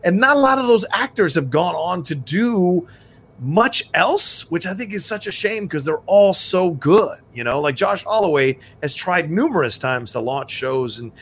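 Relaxed male host musing about TV. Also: high-pitched, normal speed, breathy edge. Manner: relaxed, reflective, steers the show. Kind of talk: casual live-stream chat. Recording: faint background noise.

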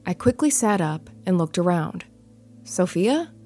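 A woman at an average pitch telling a ghost story in the first person, measured and suspenseful. Faint music plays quietly underneath her. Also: animated.

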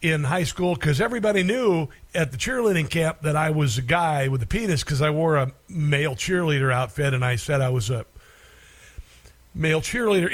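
Sarcastic male talk radio host. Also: fairly high pitch. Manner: sarcastic, halting with many fillers.

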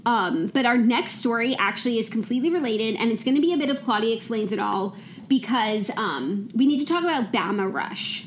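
A woman's voice: a little high, animated, brisk, a little hiss or hum, rough recording. A woman co-hosting a podcast in casual chat, moving it along and prompting her co-host. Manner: upbeat, prompting the other host.

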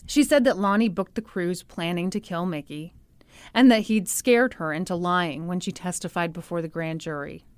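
Smooth-voiced woman telling a true crime story. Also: lowish voice, normal speed, no echo. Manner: animated, sarcastic, acts out quotes with laughs. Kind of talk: casual storytelling chat.

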